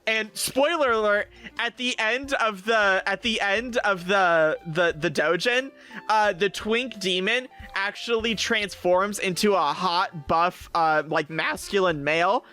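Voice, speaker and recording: A man giving a casual streamed review, excitable and rambling with lots of fillers and swearing. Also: sits high, takes it slowly, faint music behind.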